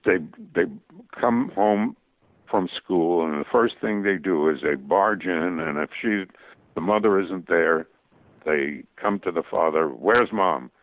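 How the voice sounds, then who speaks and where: Older male interview guest, halting and anecdotal, dry low-fi audio. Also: no echo. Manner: halting, full of restarts and fillers. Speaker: guest cartoonist. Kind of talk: interview storytelling. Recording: tinny phone-like radio audio.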